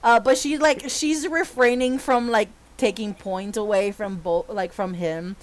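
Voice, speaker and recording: A woman's voice: medium pitch, fairly even intonation, a little slow. A woman narrating a tabletop game as game master, in a casual, filler-heavy way.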